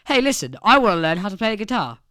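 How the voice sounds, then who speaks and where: A man voicing an eager young horse who becomes a rock guitarist, reading the lines brighter and louder than his own talk. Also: high voice, big pitch swings, quick pace, smooth, no echo, studio quality, heavily acted.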